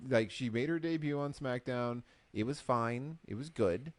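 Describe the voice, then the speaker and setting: A man co-hosting a casual recap show, telling the story with lively acted-out quotes. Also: medium pitch, a little slow, dry recording. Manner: animated storyteller, acts out quotes. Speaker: podcast co-host. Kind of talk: casual chat.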